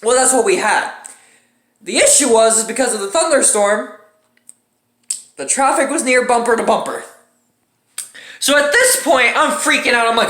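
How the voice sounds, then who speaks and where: A woman telling a casual storytime vlog with animated, dramatic delivery and plenty of swearing. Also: fairly high pitch, a little slow. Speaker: storytime YouTuber. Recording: roomy echoing room.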